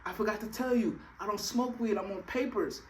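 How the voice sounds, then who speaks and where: A man's voice: high-pitched, a little fast, pitched above the performer's own voice, natural voice. A man voicing a casual young man at a party who apologizes offhandedly. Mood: offhand.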